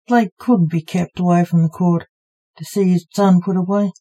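A woman narrating a short story in a measured, even manner. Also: fairly low pitch. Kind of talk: scripted narration.

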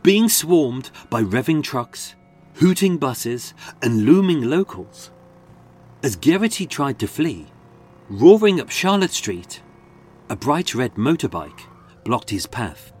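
Animated male true-crime narrator. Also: mid-range voice, slow pace, breathy edge. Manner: dramatic, animated storytelling.

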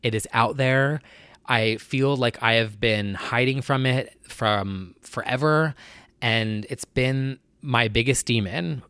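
A man's voice: mid-range voice, takes it slowly, a bit bright, clean tone, no room sound, clean studio sound. A man talking candidly to his viewers in a personal vlog, with a nasal voice and an earnest, rambling way of talking that keeps correcting itself. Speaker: vlogger.

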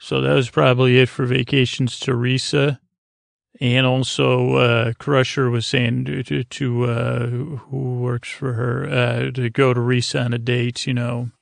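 A man hosting a sleep podcast, retelling a TV episode in a meandering, halting way full of fillers and restarts. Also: medium pitch, flat delivery, vocal fry, dry recording, clean studio sound. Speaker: podcast host.

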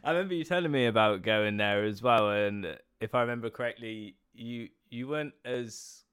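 A man's voice: medium pitch, moderate pace, a bit bright, clean tone. A man hosting a podcast, asking curious, teasing follow-up questions in casual chat. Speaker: podcast host.

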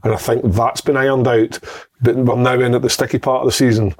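A man's voice: mid-range voice, level tone, fast. A Scottish man in casual podcast chat about football, bantering and repeating short exclamations.

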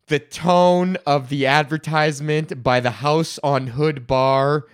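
A man's voice: a little high, steady tone, slow pace, hardly any pauses, clean tone. A man hosting his own podcast in a casual ranting monologue, swearing constantly, rambling and laughing often. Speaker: podcast host.

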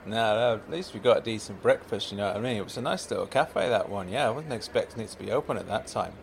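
Man, rambling and apologetic, stammering, audio sitcom, mid pitch, lively intonation. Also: quick pace, vocal fry, slight background noise. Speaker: comic performer.

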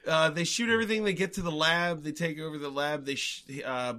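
A man's voice: a little high, a little fast, pushed and bright. A man co-hosting a podcast, recapping movie scenes in a casual chat and acting out the characters' lines. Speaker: podcast co-host.

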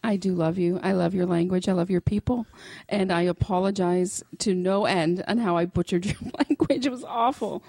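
A woman's voice: on the low side, normal speed, gravelly, dark tone, no echo. A woman co-hosting a podcast in casual chat, self-deprecating and laughing easily. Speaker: podcast co-host.

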